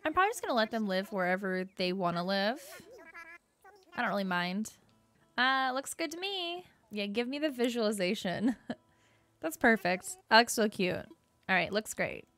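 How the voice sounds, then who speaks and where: A young woman giving casual gameplay commentary, bubbly and gushing, with lots of filler words. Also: medium pitch. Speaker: gaming YouTuber. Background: soft game music.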